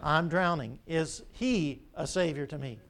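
An older pastor preaches in a high, ringing voice. He tells stories with animation and keeps asking the congregation rhetorical questions. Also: unhurried, a bit bright. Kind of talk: sermon.

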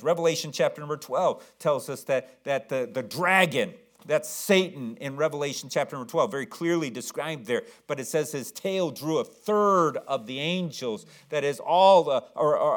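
Fairly high-voiced emphatic male preacher. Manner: emphatic, questions the congregation, often repeats words. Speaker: pastor. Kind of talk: sermon.

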